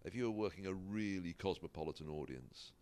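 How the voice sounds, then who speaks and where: Very deep-voiced British man, chatty. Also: fairly quick, darkish tone. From United Kingdom. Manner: chatty, self-deprecating, laughs often. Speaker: stand-up comedian, podcast guest. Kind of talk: casual podcast chat. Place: Michigan-based.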